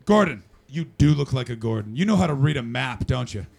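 Brash Canadian comic with gravelly voice. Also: male voice, mid-range voice, expressive, a little fast. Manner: brash, profane, mocking banter with the audience. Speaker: stand-up comedian. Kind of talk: stand-up crowd work. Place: comedy club stage before a live audience. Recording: live club with loud crowd. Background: audience laughter.

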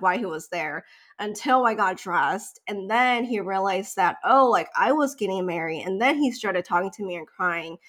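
A woman in her thirties in casual chat, telling a long story in a lively way, full of likes and you-knows. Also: mid-range voice. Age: 30s.

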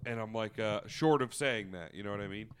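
A man's voice: on the low side, a little fast, a little hiss or hum. A man telling a story in casual podcast chat, swearing freely and piling on fillers. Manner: profane, animated storytelling with lots of fillers.

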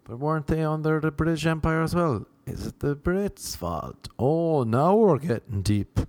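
A man's voice: fairly high pitch, sing-song, unhurried, a little mellow, dry recording, studio quality. An Irish man rambling through a comic monologue, self-mocking and full of rhetorical questions. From Ireland. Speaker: vlogger.

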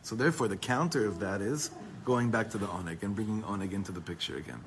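A man's voice: lowish voice, quick pace, slight background noise. A man teaching a Torah class as a rabbi, speaking emphatically and mixing Hebrew terms into his English.

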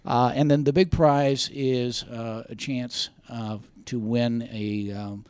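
A man's voice: medium pitch, steady tone, takes it slowly, darkish tone, clean tone, no room sound. A man talking casually as a guest, hesitant with many fillers and a joking streak. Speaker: arts center guest. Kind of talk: casual radio talk.

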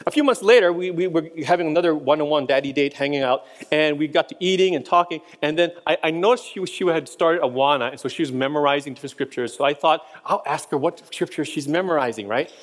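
A man's voice: a little high, fast, hardly any pauses, long reverb tail. A middle-aged man preaching a sermon, telling stories and chuckling between points. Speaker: pastor.

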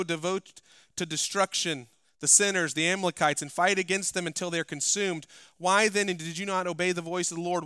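A man preaching a sermon in a bright, slightly high voice that sounds smooth and crisp. He climbs to loud, emphatic passages and falls back to quiet asides. The sound is dry and close. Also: no echo. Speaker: pastor. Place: church.

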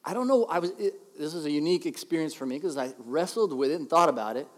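Animated man preaching in a reverberant hall. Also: a little high, quick pace. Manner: conversational, joking, animated. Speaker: pastor. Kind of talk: sermon.

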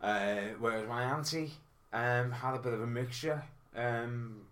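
A man's voice: medium pitch, measured pace, a bit bright. A man from Liverpool with a mild Liverpool accent, co-hosting a casual film podcast and speaking hesitantly with many ums. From Liverpool, England. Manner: hesitant, lots of ums, earnest. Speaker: podcast co-host. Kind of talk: casual film review chat.

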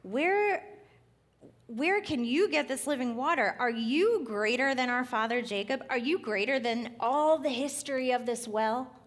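Brief: woman preacher reading as a sassy biblical woman, pointed questions, slow and deliberate. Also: on the high side, lively intonation, in a large hall. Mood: defiant. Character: bold sassy Samaritan woman at a well.

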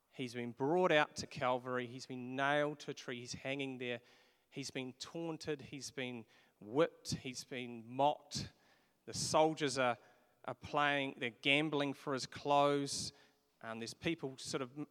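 A man delivering a sermon as pastor, earnest, with occasional pauses and rising emphatic peaks. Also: mid-range voice, fairly bright tone, clear, resonant tone. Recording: long hall reverb.

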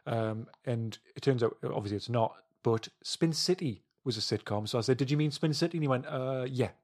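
A man's voice: medium pitch, fairly quick, darkish tone. A man co-hosting a podcast, bantering casually and reading out listener messages, sometimes with a flavour. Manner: jokey, puts on silly accents when quoting.

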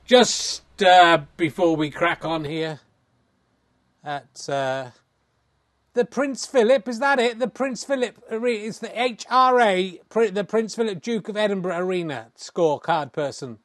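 A man's voice: sits high, animated, measured pace, no room sound, studio quality. A man voicing a pompous royalist commentator who scolds indignantly and stumbles over titles.

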